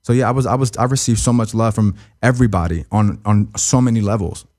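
Young male guest, low-ish voice, rapid, halting and profane. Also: darkish tone. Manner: fast, halting, profane, repeats himself. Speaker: interview guest. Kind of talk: emotional interview talk.

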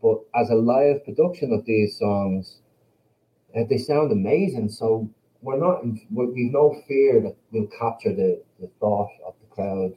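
A man's voice: fairly low pitch, a little slow. Blunt Irish musician man, dull lo-fi sound. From Ireland. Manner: blunt, profane, confident. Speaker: band member, interview guest. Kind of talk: casual interview chat.

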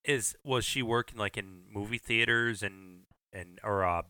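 A man's voice: on the low side, bright, forceful tone, clean tone, dry recording. A man co-hosting a podcast, chatting casually and tossing in wisecracks. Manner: wisecracking, quick to react. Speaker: podcast co-host. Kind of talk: casual chat.

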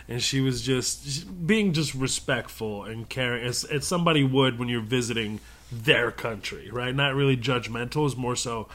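Animated man telling comedic stories. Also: medium pitch. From Middle East. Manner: animated storytelling, often laughing. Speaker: comedian guest. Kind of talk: casual interview conversation.

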